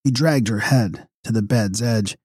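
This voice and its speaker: Male narrator, measured reading, mellow tone, dry close recording. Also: lowish voice, slightly rough, dry recording. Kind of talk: audiobook narration of a gothic novel.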